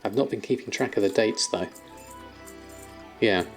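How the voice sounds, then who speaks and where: Faint music plays behind a man with a lowish voice who speaks at normal speed on a casual live stream. He reads viewer questions aloud and responds with plenty of ums and fillers.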